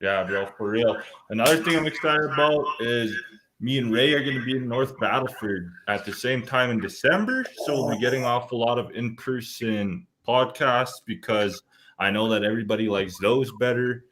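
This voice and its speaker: Relaxed man chatting, faint background hum. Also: mid-range voice, moderate pace. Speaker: podcast co-host. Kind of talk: casual chat.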